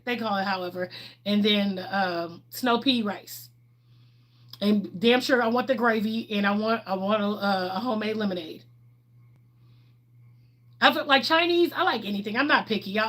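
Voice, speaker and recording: A middle-aged woman from Texas, USA, hosts a livestream, chatting candidly and answering viewers' questions. Her voice is a little high with a fairly bright tone, and she laughs often.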